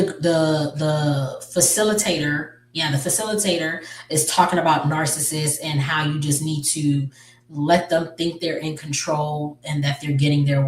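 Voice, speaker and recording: Deep-voiced woman, casual rambling storyteller, distant roomy recording. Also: a little hiss or hum. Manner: rambling, with many fillers and self-corrections. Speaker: movie recap storyteller.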